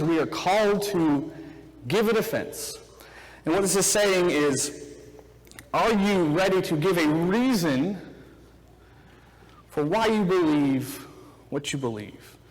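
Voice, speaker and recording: A man's voice: fairly high pitch, animated, normal speed. A man in his thirties giving a casual, chatty sermon, retelling a film scene with acted-out quotes before turning to scripture. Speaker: preacher. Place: church hall. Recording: reverberant church hall.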